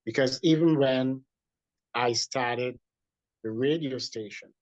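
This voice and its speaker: A man, a guest in an interview, telling a personal story in an animated way with many restarts. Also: medium pitch, slow pace, no echo. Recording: dull lo-fi dry sound.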